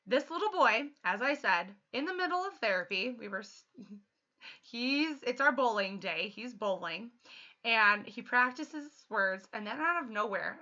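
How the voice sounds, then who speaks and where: A chatty young woman talks through her game stream with a bright, forceful voice that sits a little high. She sounds excitable and laughs easily. The audio is dull and lo-fi. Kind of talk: casual livestream chat.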